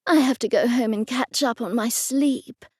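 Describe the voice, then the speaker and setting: A woman's voice: on the high side, moderate pace, darkish tone, slightly rough, no room sound, studio quality. A woman voicing a smug young female rival who speaks sweetly but insincerely, in a storybook reading. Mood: gloating.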